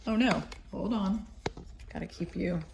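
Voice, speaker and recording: A woman's voice: medium pitch, a little slow, vocal fry, background noise. A middle-aged woman giving a casual tarot reading, meandering and chatty, trailing off and starting over. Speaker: tarot reader. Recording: echoey room.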